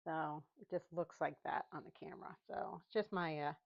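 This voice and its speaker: A woman's voice: low-pitched, normal speed, creaky, lo-fi sound. A woman chatting casually while she paints, laughing often and talking to herself. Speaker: painting vlogger.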